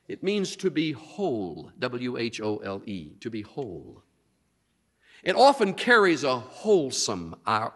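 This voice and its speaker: A man's voice: medium pitch, fairly bright tone. A man preaching an expository sermon, drawing out key words for emphasis. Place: church sanctuary. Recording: long reverb of a hall.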